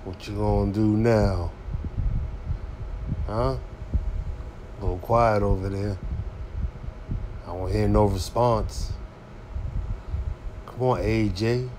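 Male boxing host, slow, taunting hype man, steady mid voice, background hum. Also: on the low side, low-quality recording. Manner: goading, repetitive hype calls. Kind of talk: hyped trash-talking commentary.

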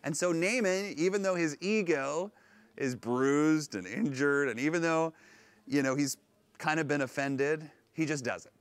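A male pastor preaching a sermon on location, retelling a story in an animated, conversational way. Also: a little high, measured pace, dry recording. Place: on location at an ancient synagogue.

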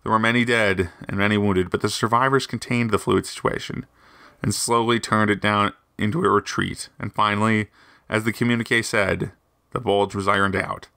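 A man reads a wartime account aloud as a podcast host. He stumbles and restarts often. His voice is low and gravelly with a bright, forceful edge, and it sounds dry and close. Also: fairly even intonation, no room sound. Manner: halting, with frequent restarts. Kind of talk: reading aloud.

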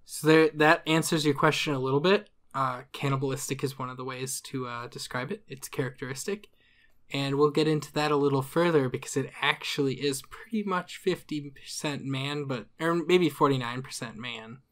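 A man's voice: mid-range voice, normal speed, fairly bright tone. A man hosting a casual comedic podcast who explains the topic from notes to his cohosts and laughs at his own jokes. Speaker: podcast host presenting the topic. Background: other hosts talking.

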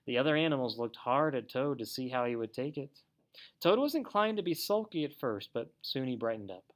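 A man teaching a children's lesson, reading aloud with a lively voice that swings widely in pitch. Expressive and animated, like a classroom read-aloud. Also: brisk.

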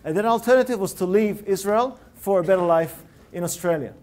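A man with a noticeably high speaking voice delivers a TED-style talk from a lecture hall stage. He is animated and punchy, firing rhetorical questions at the live audience. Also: brisk, very noisy. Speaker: public speaker.

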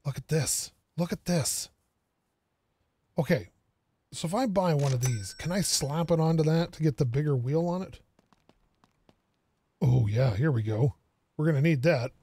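A man with a fairly high voice chats his way through a game, thinking out loud and bantering with the characters on screen. His voice sounds dry and close, with no room echo. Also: measured pace, long pauses, breathy edge. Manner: chatty, thinks aloud, jokes with game characters. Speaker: gaming streamer. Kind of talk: casual gameplay commentary.

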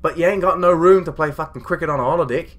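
A man's voice: on the high side, fast talker, a bit bright, close to an everyday voice. A man playing a grumpy, foul-mouthed starship captain, rambling and ranting with indignation in a comedy monologue. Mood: indignant. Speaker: comedy web series creator.

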